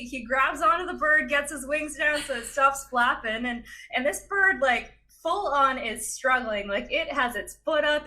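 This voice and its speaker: A young woman, a podcast guest, telling a story in an animated, chatty way with lots of laughs and fillers. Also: sits high. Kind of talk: casual storytelling in a chat.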